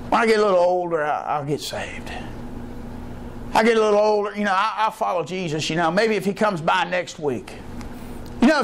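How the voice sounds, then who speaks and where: A man preaching a sermon as pastor, folksy, acting out the voices in his stories and rising to shouts. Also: high voice, a little hiss or hum. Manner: folksy storytelling, acts out voices; rises to shouts when fired up. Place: church.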